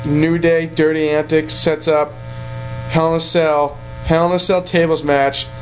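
Male co-host, terse and blunt, higher pitch, light music underneath. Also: level tone, measured pace, rough recording. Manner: blunt, terse, laughs often. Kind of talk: casual wrestling radio chat.

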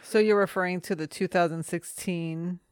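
A woman's voice: on the low side, fairly even intonation, normal speed, clear, resonant tone, no echo. Woman, podcast co-host, amused, questioning, laughs easily, dry sound. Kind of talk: casual podcast chat.

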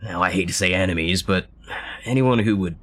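A man's voice: sits low, fairly quick, a bit bright. A man playing an investigator in a tabletop game, easygoing and hesitant with many fillers. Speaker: player. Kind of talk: casual tabletop play.

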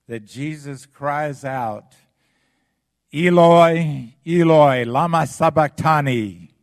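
A male pastor delivering a sermon at an unhurried, deliberate pace. He preaches dramatically, swinging from loud passages down to hushed ones. His voice sits at an ordinary middle pitch for a man.

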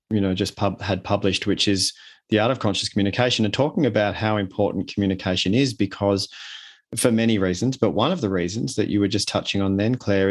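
Earnest Australian man, lowish voice. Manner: earnest, explains with long everyday examples. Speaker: author and guest. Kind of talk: conversational interview.

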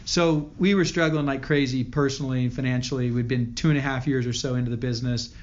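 A man's voice: medium pitch, fairly even intonation. A man guest on a podcast telling a personal story in an earnest way, often stopping and restarting his sentences. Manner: earnest, halting with many restarts. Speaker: podcast guest, company founder. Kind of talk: storytelling interview. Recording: dull lo-fi audio.

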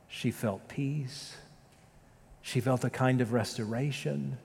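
A man preaching a sermon as pastor, telling a story with dramatic loud peaks and quiet, slow prayerful passages. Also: medium pitch, steady tone, vocal fry, a little hiss or hum. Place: church sanctuary. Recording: long reverb of a church sanctuary.

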